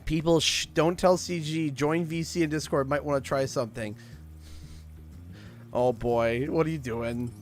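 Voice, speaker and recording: A man from Canada chatting casually and rambling while playing a video game on a live stream, now and then breaking into sudden loud shouts. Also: on the high side, fairly even intonation, measured pace, pauses often, faint music behind.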